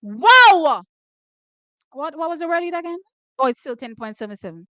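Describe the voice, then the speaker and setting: Hosting a track and field watch party, a Jamaican woman gives live race reaction commentary, excitable and full of loud exclamations as she switches between patois and English. Her high, bright voice is hoarse, as she's losing it, and she speaks at a moderate pace in a rough recording with no echo.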